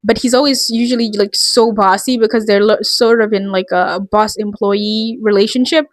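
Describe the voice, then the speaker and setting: A woman's voice: medium pitch, fairly even intonation, moderate pace, no echo. A woman vlogger ranting in a casual, rambling, exasperated way, full of fillers. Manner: rambling, exasperated, heavy use of "like".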